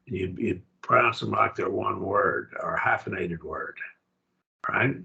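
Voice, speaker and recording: Older man teaching Greek, gravelly. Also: low-pitched, measured pace, pushed and bright, rough recording. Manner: patient, explains step by step, checks understanding. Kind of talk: grammar lesson.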